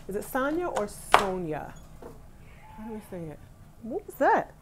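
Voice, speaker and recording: Woman, young adult, from Brooklyn, casual live-stream chat, animated, at home, middle pitch. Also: a little slow, background noise. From Brooklyn, New York, USA. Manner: chatty and animated, talks straight to viewers with Southern "y'all". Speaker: vlogger chatting with a live stream audience. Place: at home, indoors, on her bed on a rainy day.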